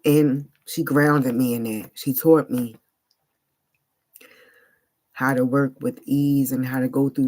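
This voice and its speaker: She has a bass voice with a darkish tone, sharing a personal story on her vlog. The talk is loose and slangy, punctuated by emphasis and frequent "like."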